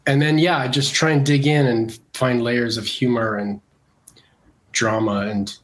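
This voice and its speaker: A man's voice: mid-range voice, fairly even intonation, unhurried. A Canadian-born illustrator, a man with a congested voice from a cold, talking casually and hesitantly with many fillers in an interview. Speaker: illustrator guest.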